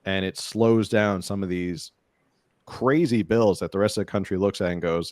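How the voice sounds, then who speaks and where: A man with a very deep voice hosts a casual political podcast. He sounds relaxed and joking, and his sentences often restart. The sound is dry and close. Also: moderate pace, dry recording. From San Diego, California. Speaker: podcast host.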